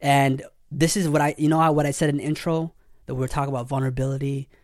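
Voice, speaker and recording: A man's voice: medium pitch, level tone, fast, a little mellow, dry recording, studio quality. A man hosting a podcast, talking in a conversational way and introducing the next story. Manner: conversational, interjects to finish the guest's sentences. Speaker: podcast host.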